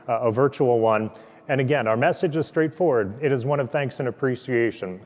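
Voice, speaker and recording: A man's voice: mid-range voice, a little mellow, long reverb tail. A man hosting a virtual scholarship event from a lab turned into a studio, earnest and stopping often to restart his sentences. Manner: earnest, with frequent fillers and restarts. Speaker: host, development officer.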